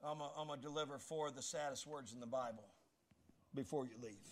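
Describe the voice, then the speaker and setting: An older pastor preaches a sermon in an emphatic, conversational way, rising to shouted peaks over faint background music. His voice sits in the mid-range and moves a little fast.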